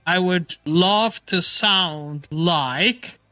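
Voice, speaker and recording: Bright high-voiced enthusiastic man. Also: extremely slow, smooth, no room sound, soft background music. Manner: enthusiastic, laughs often. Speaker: livestream host. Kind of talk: casual livestream chat.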